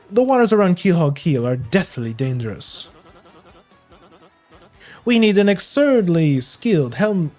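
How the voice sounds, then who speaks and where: A man's voice: on the high side, darkish tone. A man voicing a vain, flamboyant male merchant with a put-on Spanish accent, reading a game's dialogue aloud. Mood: boastful. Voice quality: flamboyant, grandiose, dramatic.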